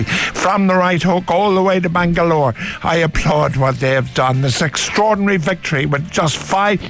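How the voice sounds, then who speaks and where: A man's voice: on the high side, a bit bright. An older man from Cork with an Irish accent, hosting a live radio talk show and speaking in an emotional, rousing way. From Ireland. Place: radio studio.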